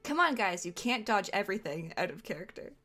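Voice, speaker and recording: A young woman streamer reading an old fan roleplay aloud, amused and quick to laugh. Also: mid-range voice, sing-song, pushed and bright. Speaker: streamer host. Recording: faint music behind.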